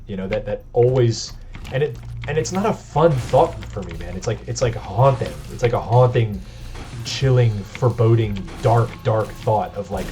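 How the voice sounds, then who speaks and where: A man's voice: on the low side, darkish tone. A man hosting a let's play, talking in a rambling, confessional way with restarts and laughs, recorded on a webcam mic. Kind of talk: candid gameplay commentary. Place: home computer setup. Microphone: built-in webcam microphone. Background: keyboard clacking and faint game music.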